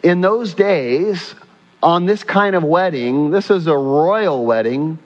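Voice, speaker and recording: A man's voice: on the high side, slow pace. A male pastor preaching a sermon with emphatic repetition and rhetorical questions, recorded in a church. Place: church sanctuary. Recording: muffled sound with long hall reverb.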